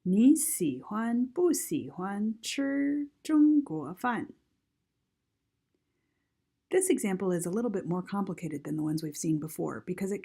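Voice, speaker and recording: Slow, husky-voiced woman teaching Chinese. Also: medium pitch, dark tone. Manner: slow, careful model sentences for learners. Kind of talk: recorded grammar lesson.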